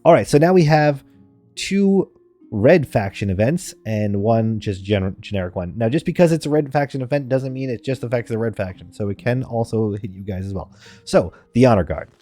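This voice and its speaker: A male streamer talks his audience through a strategy game in a relaxed, rambling way, with lots of restarts and easy laughs. His voice sits mid-range with a mellow, dark-leaning tone, and a faint bit of music plays underneath. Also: mid-range voice, normal speed. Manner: rambling, chatty, laughs often. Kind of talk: live game-stream commentary.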